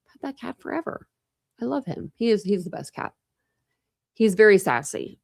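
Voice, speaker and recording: Speaking at a moderate pace, a woman in her forties hosts a true crime live stream from home, where a couch and a cat share the room. Her mid-range, gravelly voice swings widely in pitch as she rambles casually, leaning heavily on "like." There's no room sound, just clean studio audio.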